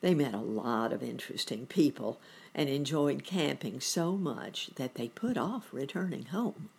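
A woman reading a children's storybook aloud with an animated, lilting delivery. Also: rumbling low, a little slow, vocal fry, slightly rough.

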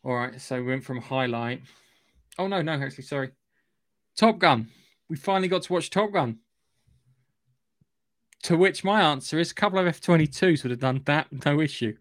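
A man's voice: fairly high pitch, expressive, moderate pace, pauses often, no room sound, studio quality. A man co-hosting a podcast in casual chat, talking in a matter-of-fact, wry way. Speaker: podcast co-host.

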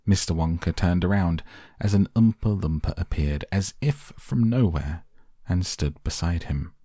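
A man reading a children's book aloud in a measured, expressive way. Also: sits low, no echo, clean studio sound. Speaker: storyteller.

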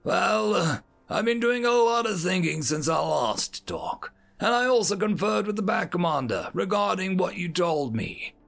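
Gruff, proud male alien soldier, voiced by a male reader, clipped military talk, gravelly tone, lively swings in pitch. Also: unhurried, hardly any pauses, soft background music, exaggerated voice.

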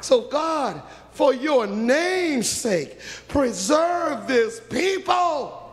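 A man preaching, voicing Moses pleading with God, rising to shouts, in a reverberant hall. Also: very high-pitched, big pitch swings, drawn-out words, pitched above the performer's own voice, full character voice. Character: Moses, pleading humble male servant.

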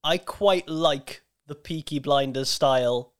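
A man co-hosting a casual wrestling podcast, who lays out his arguments in a reasoned, debating tone with quick asides. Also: a little high, smooth. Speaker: podcast co-host.

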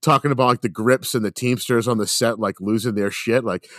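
A man's voice: medium pitch, a little fast, creaky, few pauses, a bit bright, no echo, studio quality. Rambling, swearing man telling a story. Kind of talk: casual chat.

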